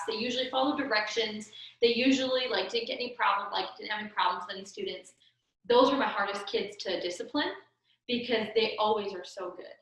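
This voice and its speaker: Chatty young woman, echoey distant room. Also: mid-range voice. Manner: chatty, animated, laughs often, many fillers. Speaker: children's ministry trainer. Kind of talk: casual training talk. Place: church room.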